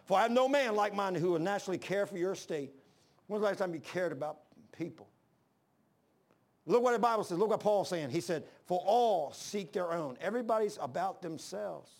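High-voiced preacher, impassioned. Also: male voice, lively intonation, fairly quick, vocal fry. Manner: impassioned, folksy storytelling with restarts. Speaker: pastor. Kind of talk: sermon.

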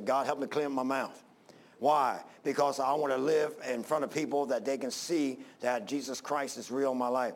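Gravelly folksy preacher man. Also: mid-range voice. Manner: folksy, rambling with many fillers and restarts. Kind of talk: sermon.

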